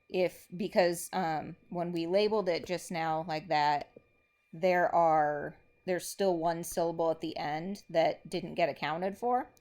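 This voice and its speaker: A woman's voice: on the low side, a little mellow. A woman English teacher giving a recorded lesson, methodically explaining step by step while marking a board.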